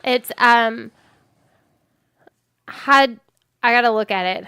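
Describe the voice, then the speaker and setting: A woman's voice: a little high, slow pace, vocal fry, sharp tone, clear, resonant tone, no echo. Woman plainly explaining medicines. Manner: explains medicines matter-of-factly. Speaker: podcast co-host. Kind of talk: casual chat.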